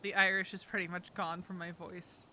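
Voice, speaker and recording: A woman's voice: fairly low pitch, little pitch movement, moderate pace, sharp tone, a little hiss or hum. A woman chatting casually in character during a roleplay game, laughing often. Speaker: streamer playing a roleplay character.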